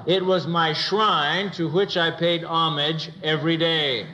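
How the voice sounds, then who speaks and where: A middle-aged American man giving a motivational church talk, telling a humorous story with lively delivery. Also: a little high, noisy background. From United States. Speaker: church speaker. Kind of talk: motivational sermon.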